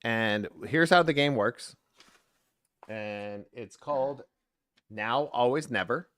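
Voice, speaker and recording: A man's voice: mid-range voice, takes it slowly, fairly bright tone, no echo, studio quality. A man co-hosting a podcast in casual chat, rambling and often breaking off mid-sentence. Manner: rambling, self-interrupting. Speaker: podcast co-host.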